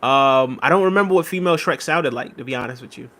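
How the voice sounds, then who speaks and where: A man's voice: mid-range voice, fast, a bit bright. A man hosting a casual live stream, reading viewer comments aloud and thanking them by name. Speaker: livestream host reading chat.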